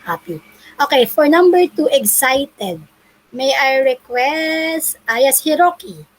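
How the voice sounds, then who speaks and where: A woman teacher from the Philippines, with a Filipino accent, leads an online English class over a video call, encouraging her pupils and switching between Tagalog and English. Her voice is high and expressive, and she speaks slowly. The recording quality is low.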